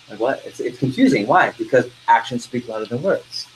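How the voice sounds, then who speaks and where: An energetic man leads a sales training class, tossing quick questions at the room and pushing the group to respond. His voice sits at a typical middle pitch, and a faint hiss runs under the recording. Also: rough recording. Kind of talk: interactive training talk.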